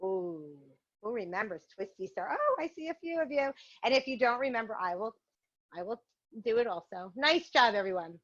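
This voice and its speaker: A woman's voice: fairly high pitch, expressive, normal speed. Upbeat woman teaching on a video call. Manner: upbeat, encouraging, playful. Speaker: yoga and mindfulness instructor. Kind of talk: guiding a virtual class through poses and a game. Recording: muffled video-call audio.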